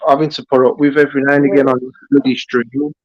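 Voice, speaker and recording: A man's voice: medium pitch, level tone, fast, muffled recording. A man chatting casually on a livestream, repeating and restarting his phrases. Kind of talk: casual chat.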